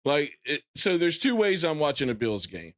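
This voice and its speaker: A man in his thirties talks casually to his stream viewers in a slightly high voice. He is animated and breaks into loud excited bursts as he retells things. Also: moderate pace. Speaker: gaming streamer. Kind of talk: casual live-stream chat.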